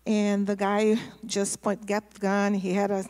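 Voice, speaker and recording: A woman pastor telling a testimony in a sermon, storytelling in a lively way and repeating words for emphasis. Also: mid-range voice, measured pace. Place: church sanctuary. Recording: long hall reverb in a church.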